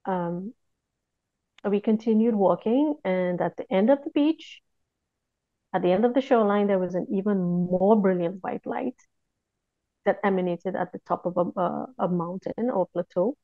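A woman recounting a personal experience in a reflective, hushed way, often pausing and restarting her sentences. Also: medium pitch, no echo, narrow, tinny audio. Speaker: guest recounting a near-death experience. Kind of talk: personal testimony, casual storytelling.

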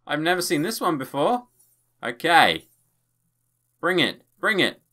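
A man giving excitable, playful let's play commentary as a gaming channel host, tossing in his own sound effects. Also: on the high side, a little slow.

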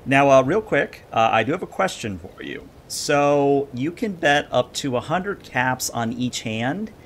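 A man running a tabletop game as game master, explaining in a relaxed way full of fillers. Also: mid-range voice, measured pace, a little hiss or hum.

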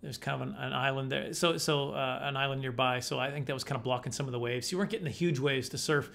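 A middle-aged man doing stand-up comedy, telling stories in an animated, self-deprecating way. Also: medium pitch, fast talker, gravelly.

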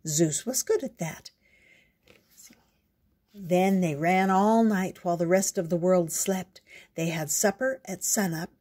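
A woman reading a picture book aloud in a gentle, unhurried storyteller's way. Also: fairly low pitch, breathy edge.

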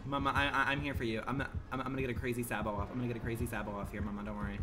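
A man's voice: little pitch movement, racing. Male streamer, campy and foul-mouthed, mid-range voice, noisy stream audio with the game going behind. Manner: campy and profane, swinging from murmurs to shrill outbursts. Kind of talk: live gameplay commentary.

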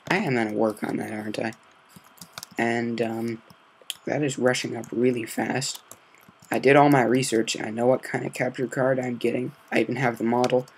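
A man gives hushed, rambling commentary over his game, keeping his voice deliberately quiet. There is a gravelly fry in his tone and a touch of sore throat in it, over a faint hiss of noise. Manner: quiet, low-key, meandering. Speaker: gaming video host. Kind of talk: hushed let's-play commentary.

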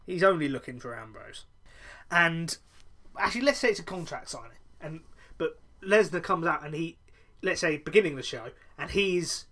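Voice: mid-range voice, pushed and bright. Rambling, jokey podcast host. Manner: rambling, self-correcting, jokey. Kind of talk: solo fantasy-booking podcast monologue.

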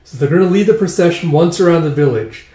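A man with a slightly high voice casually talks through a story, chaining quoted lines with "it's like." His voice rings in a roomy, echoey space. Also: lively intonation, fast talker, dark tone. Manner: acts out each character with "it's like". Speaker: manga reviewer. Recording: echoey room.

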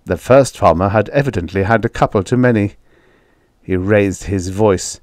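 In clean studio sound with a dry recording, a male narrator with a low voice tells a scripted audiobook story at a measured, even pace.

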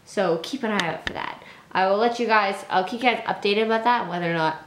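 A woman's voice: mid-range voice, fast. Young woman, casual vlog chat, rambling filler talk, echoey room, faint background noise. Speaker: vlogger.

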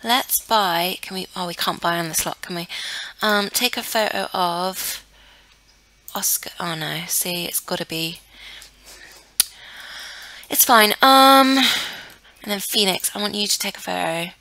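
A woman's voice: mid-range voice, measured pace, bright, forceful tone, dry recording. A young woman giving casual commentary on a life-sim game, chatty and easily flustered, talking to the characters on screen. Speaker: let's play gamer.

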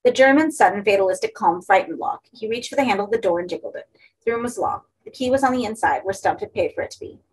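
A woman narrating a horror story for an audiobook in a steady, measured way. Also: mid-range voice, poor audio.

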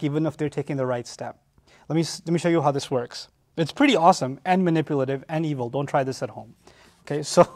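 A middle-aged man giving a lecture on scripture, animated, often acting out the voices of the people in the story. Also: a little high. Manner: animated, acts out quoted voices. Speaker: Quran teacher.

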